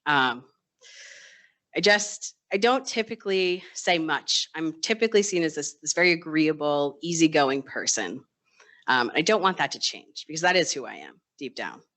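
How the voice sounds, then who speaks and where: Speaking to a live storytelling audience, this ICU nurse has a mid-range voice that sounds bright and crisp. Her account is relaxed and chatty, laced with dry jokes at her own expense, and now and then she performs the quoted words of colleagues and patients.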